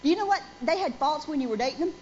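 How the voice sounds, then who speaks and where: High-voiced woman preaching a sermon. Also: expressive, rapid-fire, a little mellow. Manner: emphatic, asks the congregation questions. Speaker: pastor. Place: church. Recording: dull lo-fi sound with faint noise.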